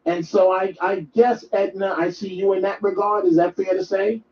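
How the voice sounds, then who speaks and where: A man's voice: high-pitched, level tone, normal speed. A male host of a live call-in show, speaking in an earnest, reflective way to his callers. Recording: roomy distant dull mic.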